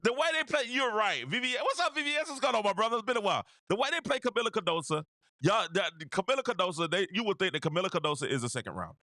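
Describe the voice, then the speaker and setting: Animated high-voiced man hosting a stream. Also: very fast, no room sound, clean studio sound. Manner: animated, repeats phrases, greets viewers by name; casual slangy delivery. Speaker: host. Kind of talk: live stream basketball talk with chat shout-outs.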